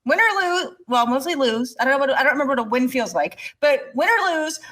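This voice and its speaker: A young woman from the Montreal area chats on a podcast with a high, bright-toned voice. She rants in an animated, exasperated way, with her pitch climbing as she gets worked up. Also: fast. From Montreal area, Canada. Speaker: podcast co-host. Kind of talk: casual chat.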